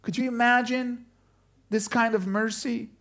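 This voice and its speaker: A man preaching a sermon as a pastor, retelling a story with animated delivery and drawn-out words for emphasis. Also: very high voice.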